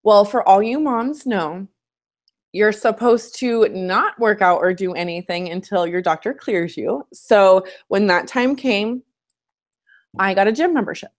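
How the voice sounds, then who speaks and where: A woman's voice: mid-range voice, a little slow. Candid, chatty woman on a home live stream. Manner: candid and chatty, sharing a personal story. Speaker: fitness coach hosting a live stream. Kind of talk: casual live-stream talk.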